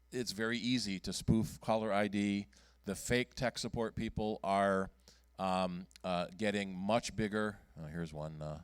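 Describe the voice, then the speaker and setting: In a meeting room at a computer club, a man gives a presentation in a low, resonant, smooth voice, with dry, close sound and no echo. His delivery is casual and halting, full of ums and restarted sentences.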